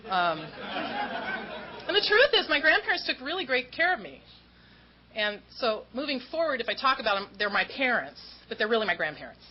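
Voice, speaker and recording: Candid woman telling her recovery story. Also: on the high side. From Southern California. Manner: candid, self-mocking, acts out quoted voices. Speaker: AA speaker. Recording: dull lo-fi talk recording with faint noise.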